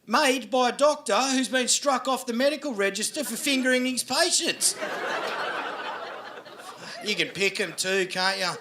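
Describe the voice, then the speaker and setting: Brash high-voiced Australian man on stage. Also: expressive, unhurried, long pauses, background noise. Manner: brash, swearing, asks the crowd for agreement. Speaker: stand-up comedian. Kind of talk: stand-up comedy set. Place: live comedy venue with audience. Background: audience laughter.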